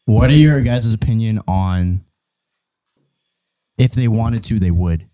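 A young man hosting a casual podcast, asking the questions in a relaxed way. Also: on the low side, slow pace. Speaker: podcast host.

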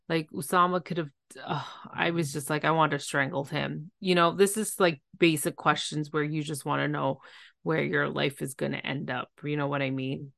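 A woman's voice: deep voice, creaky, no echo, clean studio sound. A woman co-hosting a podcast, chatting casually as she recaps a reality show and acts out what people said. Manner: animated, acts out quotes in put-on voices. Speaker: podcast co-host.

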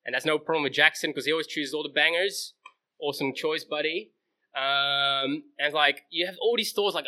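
Bright-voiced man in his twenties preaching. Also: a little high, animated, moderate pace. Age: 20s. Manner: chatty storytelling, many fillers like "like". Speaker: camp speaker. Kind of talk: casual youth sermon.

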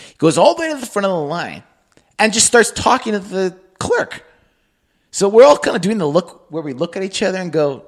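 A man co-hosting a podcast, telling a story in an animated way and acting out the people in it. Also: high voice, moderate pace. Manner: animated, acts out voices in his stories. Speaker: podcast co-host. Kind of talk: casual anecdotal storytelling.

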